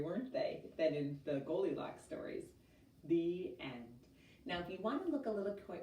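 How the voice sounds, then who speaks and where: A woman teacher reading a storybook aloud to a class, expressive and chatty, adding asides to her listeners. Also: sits low, slight background noise. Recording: roomy, mic at a distance.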